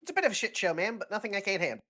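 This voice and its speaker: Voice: medium pitch, sing-song, rapid-fire, bright, forceful tone, pitched above the performer's own voice. A player with a sore throat voicing an earnest young male pilot lieutenant in a tabletop role-play, answering with polite, clipped military replies. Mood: dutiful.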